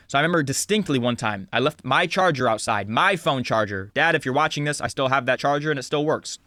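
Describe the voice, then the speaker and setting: Young man in his twenties, earnest motivational vlogger, a touch higher than most men, dry sound. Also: lively intonation, fast talker, hardly any pauses, bright, forceful tone, no room sound. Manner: earnest, talks with lots of "like" and restarts. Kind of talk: casual motivational monologue.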